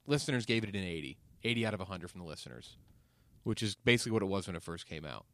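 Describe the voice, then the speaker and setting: A young man hosting a casual podcast, animated and casually swearing as he steers the talk. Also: sits low, racing, no room sound. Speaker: podcast host.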